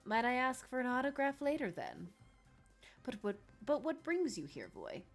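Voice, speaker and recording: A woman's voice: high voice, huge pitch swings, normal speed, soft background music, pitched above the performer's own voice, full character voice. A woman reading a teasing friendly innkeeper. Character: friendly female tavern innkeeper. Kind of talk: reading game dialogue aloud.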